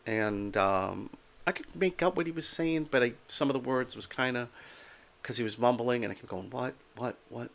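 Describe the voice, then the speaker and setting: Older male vlogger, plain-spoken and blunt, bright forward tone, casual talk to camera. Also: mid-range voice, moderate pace, creaky. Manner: candid, plain-spoken, with blunt humor and frequent okays. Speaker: vlogger sharing his Meniere's experience.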